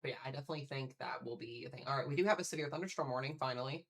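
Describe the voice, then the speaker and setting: With a mid-range voice that sounds bright and forceful, a man covers storms on a live stream from his house, talking rapidly. His commentary is casual and excitable, and he keeps speaking directly to his audience.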